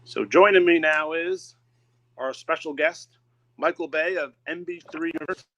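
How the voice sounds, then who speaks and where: A man's voice: a little high, normal speed, sharp tone, dull audio. A man hosting a casual online interview, asking questions in a friendly, prompting way. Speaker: host.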